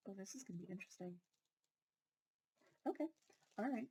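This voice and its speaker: A woman hosting her own unboxing channel, talking casually and excitedly about snacks, often apologizing and laughing. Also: mid-range voice, fairly quick, breathy edge, low-quality recording.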